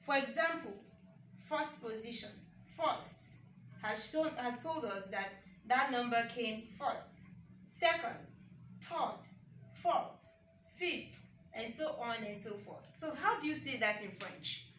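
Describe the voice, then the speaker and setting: A woman teaching a French lesson online, speaking slowly and repeating words, often checking in with "okay?". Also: a little high, expressive, a bit bright, roomy sound, recorded from a distance, a little hiss or hum, low-quality recording. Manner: slow and repetitive, checks in with "okay?".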